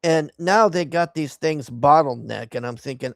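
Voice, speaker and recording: Man, gravelly voice, dry close sound, exasperated profane movie rant. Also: fairly high pitch, normal speed, no room sound. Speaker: movie reviewer. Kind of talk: casual ranting movie recap.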